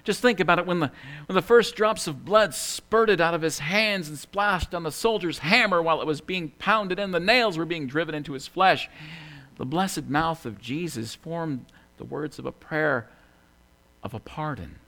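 A male pastor delivers a sermon, moving between hushed, quiet lines and loud, emphatic ones and repeating key phrases to drive them home. His voice is a little high, and he speaks at a normal pace.

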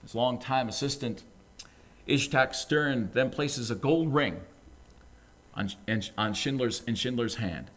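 A man's voice: mid-range voice, a little slow. A male preacher giving a sermon, telling a story earnestly and building up to fervent, emphatic exhortation.

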